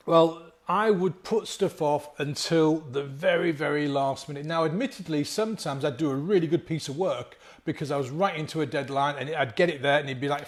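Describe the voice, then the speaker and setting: A man, a life coach giving a chatty, animated motivational talk to camera and acting out inner voices along the way. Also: a little high.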